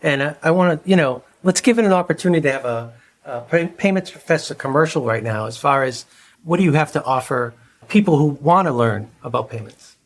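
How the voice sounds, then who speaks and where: A man's voice: on the high side, expressive, a little fast. A man hosting a podcast, asking friendly, rambling questions. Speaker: podcast host. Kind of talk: conversational interview.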